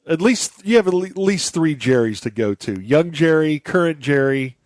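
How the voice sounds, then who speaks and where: A man's voice: on the high side, lively intonation, normal speed, a little mellow, no echo. An older man hosting a podcast, chatting casually and telling stories with frequent laughs. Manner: laughs often, chatty storytelling. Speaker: podcast host. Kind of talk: casual chat.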